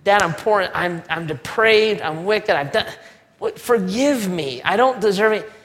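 A man voicing a repentant younger son who pleads haltingly, with long hall reverb. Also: sits high, lively intonation, fairly bright tone, a little hiss or hum. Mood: pleading.

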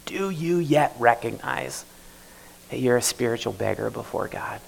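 A male pastor delivering a sermon in a loose, conversational style with a gravelly, creaky edge. He is mid-pitched and often slips into first-person prayers to make his point. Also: lively intonation, moderate pace, slight background noise, rough recording. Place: church service.

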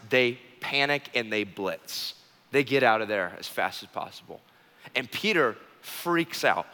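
A man's voice: mid-range voice, sharp tone. A young man preaching a sermon as a pastor, telling stories earnestly and emphatically. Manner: earnest, emphatic storytelling with acted quotes. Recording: long hall reverb.

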